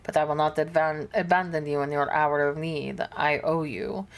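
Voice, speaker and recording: A woman's voice: deep voice, steady tone, moderate pace. A woman voicing a proud, brooding male space wolf warrior, reading game dialogue aloud with growling menace. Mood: earnest.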